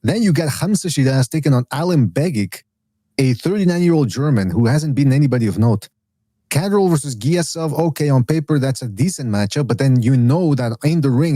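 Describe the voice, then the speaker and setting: A man's voice: mid-range voice, animated, fairly quick, warm tone, no echo. A man hosting a casual boxing podcast, opinionated and rambling, full of restarts and asides. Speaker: podcast host.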